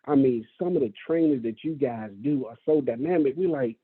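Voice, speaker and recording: A man's voice: medium pitch, brisk, husky. Folksy, upbeat man on a tinny line. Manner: folksy, enthusiastic, repeats himself. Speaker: brokerage leader addressing agents. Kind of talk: motivational speech to staff. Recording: tinny phone-like sound.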